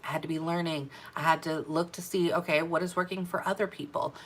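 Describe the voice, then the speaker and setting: A woman coaching her sales team in an energetic, emphatic talk, repeating her key phrases for effect. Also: deep voice, a little fast, breathy edge. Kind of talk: motivational business talk to camera.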